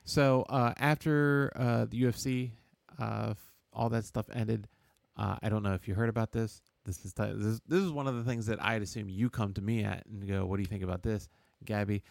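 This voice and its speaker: A man co-hosting a casual sports chat, rambling and halting with lots of "uh"s and chuckles. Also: fairly low pitch, steady tone, creaky, dry recording, clean studio sound. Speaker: podcast co-host.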